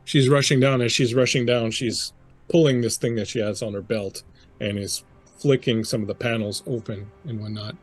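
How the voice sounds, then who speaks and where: A man's voice: mid-range voice, steady tone, moderate pace, faint music behind. A man narrating a tabletop role-playing game as game master, loose and rambling with fillers.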